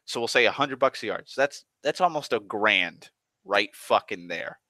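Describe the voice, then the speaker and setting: A man's voice: on the low side, lively intonation, moderate pace, sharp tone, no room sound. A man telling a work story as an exasperated, swearing rant, often restarting his sentences. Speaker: online storyteller. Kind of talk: profane rambling rant.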